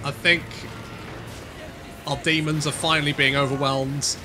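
A man giving casual, excitable, sweary commentary over his strategy game. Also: on the high side, measured pace, background noise. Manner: excitable, sweary, talks to units. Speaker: gaming channel host.

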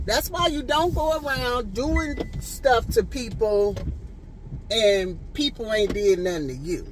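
A woman's voice: a little high, lively intonation, takes it slowly, rough recording. A woman telling a storytime vlog from her parked car outside a hospital, sassy and emphatic, repeating herself for effect, recorded on a handheld phone camera. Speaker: vlogger.

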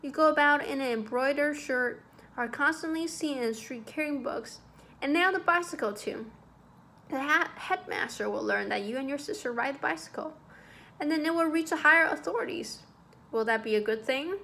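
A woman's voice: sits high, moderate pace, vocal fry, pushed and bright, heavily acted. A woman voicing a fussy, anxious, old-fashioned male schoolmaster who lectures primly and frets. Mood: anxious lecturing. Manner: agitated, prim and lecturing.

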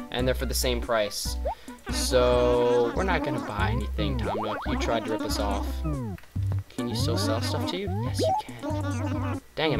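A man giving casual let's-play commentary over a cozy life game, chatty and rambling. He teases the characters with playful sarcasm as he goes. Loud game music fills the background. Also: on the low side, poor audio. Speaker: gaming vlogger.

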